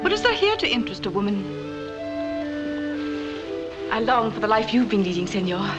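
An actress playing the bored, demanding wife of a dictator in a 1940s film, haughty and theatrical. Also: female voice, mid-range voice, very animated, moderate pace, muffled recording, lightly acted. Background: film score music.

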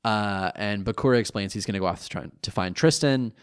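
A man's voice: on the low side, fairly quick, clean tone. A man in his thirties co-hosting a podcast in casual chat, rambling, self-deprecating and laughing often. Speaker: podcast co-host.

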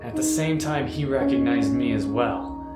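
A man performing a halting, emotional monologue as a remorseful fisherman disciple, stammering through fear and regret. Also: medium pitch, lightly acted. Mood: frightened. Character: remorseful fisherman disciple recalling his denial, adult man. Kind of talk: dramatic monologue over guitar. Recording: roomy sound with loud guitar music.

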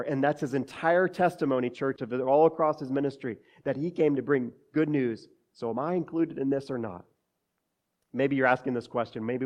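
A man preaching, his voice sitting a little high for a man. He keeps the sermon conversational, turning to the congregation as church and slipping in joking asides between Bible passages. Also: a little mellow. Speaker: pastor.

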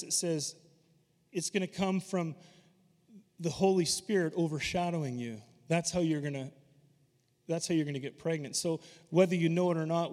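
A man preaching a sermon, animated and emphatic, slipping into voices when he retells scripture. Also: fairly high pitch. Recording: long hall reverb.

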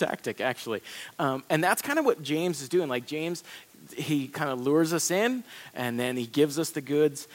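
A man preaching a sermon as pastor, in a conversational, animated way with quick asides. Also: medium pitch. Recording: long hall reverb.

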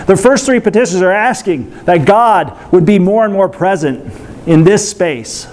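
Male pastor, higher voice, sermon delivery with questions to the pews. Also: sing-song, takes it slowly, a little hiss or hum. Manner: teaching, asks the congregation questions.

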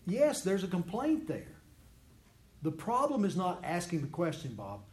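A man's voice: high-pitched, wildly swooping pitch, measured pace, darkish tone. A man leading a Bible study class, teaching in an earnest, conversational way and voicing prayers in the first person. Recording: echoey room with faint background noise.

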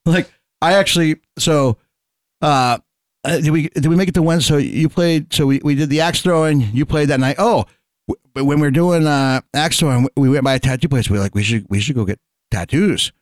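A man's voice: on the high side, fairly quick, no echo. A man telling rowdy, profane stories in casual chat among friends. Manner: rowdy, profane storytelling with frequent laughs.

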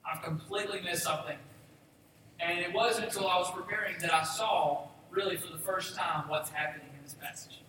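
A male pastor with a high, bright voice delivers a sermon in a church. He reads scripture and slips in light, joking asides to the congregation. The sound is roomy, with a long hall echo and the mic well off from him. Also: a little hiss or hum. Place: church sanctuary. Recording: echoey hall, mic at a distance.

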